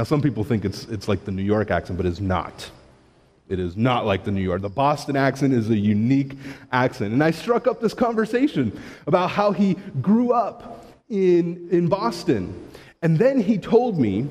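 A man's voice: mid-range voice, expressive, moderate pace, darkish tone. A man who grew up in Massachusetts, a pastor preaching a sermon in a conversational storytelling manner. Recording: long hall reverb.

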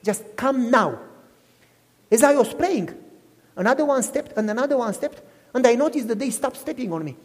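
Male preacher, husky, animated storyteller, echoing church hall. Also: very high voice, fairly quick. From Romania. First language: Romanian. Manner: animated, acts out dialogue, asks listeners "you follow me?". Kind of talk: storytelling sermon.

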